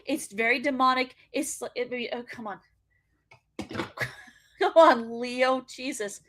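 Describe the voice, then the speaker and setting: A woman's voice: high-pitched, slow pace, fairly bright tone. A woman hosting a wrestling show, ranting in casual commentary, swearing freely and laughing often.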